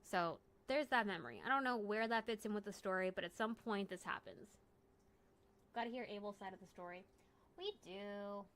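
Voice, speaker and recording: A woman's voice: medium pitch, animated, brisk, fairly bright tone. A young adult woman streaming a game, telling a story in a casual, rambling way, often correcting herself and joking. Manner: rambling, self-correcting, jokey. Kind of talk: casual storytelling while gaming.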